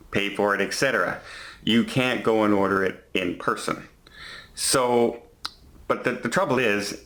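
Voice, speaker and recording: A man's voice: fairly low pitch, a bit bright. A man in his fifties casually telling a story to camera from a hotel, walking through what happened step by step. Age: 50s. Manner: chatty, retelling an incident step by step. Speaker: vlogger.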